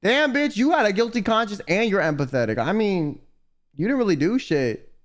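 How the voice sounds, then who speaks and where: Young male streamer, high-pitched, swooping delivery, cussing and incredulous. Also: normal speed. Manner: animated, profane, exasperated reactions. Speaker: streamer reading viewer confessions. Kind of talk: casual livestream commentary.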